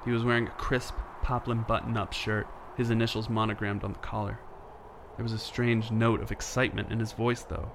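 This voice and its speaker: A man's voice: fairly low pitch, little pitch movement, brisk, vocal fry, background noise. A frightened young father narrating. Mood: hushed. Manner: hushed, tense storytelling. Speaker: first-person narrator. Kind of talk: scripted horror narration. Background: music.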